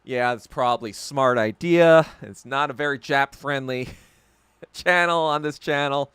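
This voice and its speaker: A man's voice: mid-range voice, a little slow, a bit bright, clean tone, no room sound. A man hosting a podcast, ranting and swearing in casual chat with viewers and laughing often. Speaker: podcast host. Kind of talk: casual livestream chat reacting to viewer comments.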